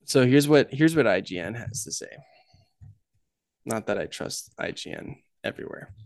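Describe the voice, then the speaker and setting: A man's voice: mid-range voice, animated, gravelly, dry recording, studio quality. A man co-hosting a podcast, casually summarizing a movie's ending and reading out a review. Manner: measured, summarizing plot and reading quotes. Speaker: podcast co-host.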